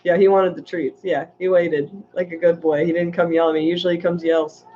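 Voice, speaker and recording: A woman's voice: fairly low pitch, little pitch movement, a little fast, dull audio, a little hiss or hum. A woman hosting a casual livestream, chatting in a rambling way and reading viewer comments aloud. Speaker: aquarium channel host.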